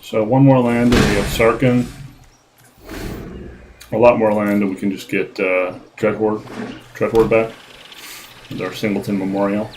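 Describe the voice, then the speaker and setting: A man giving relaxed, casual commentary over his card game play, with frequent ums and uhs and a self-deprecating tone. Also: lowish voice, unhurried, pauses often, noisy background. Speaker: gaming video host.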